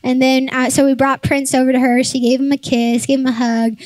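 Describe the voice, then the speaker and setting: A young woman pastor preaching a sermon, telling a lively family story and acting out the voices of her family. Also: high voice, brisk, no echo, low-quality recording.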